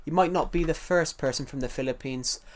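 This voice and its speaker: A little fast and on the high side, a young southern English man's voice carries his casual game live stream. In his southern English accent, he rambles through the chat, restarting and repeating phrases many times.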